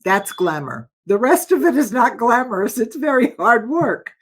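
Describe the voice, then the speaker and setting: An older woman, a former opera singer, telling stories as a guest in a casual interview, expressive and quick to laugh. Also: slightly rough. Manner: expressive, laughs often, dramatic shifts in pitch and loudness.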